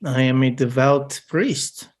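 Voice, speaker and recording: A man at a tabletop game who plays a devout priest, speaking in a measured, solemn way. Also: mid-range voice. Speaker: player. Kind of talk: tabletop role-play.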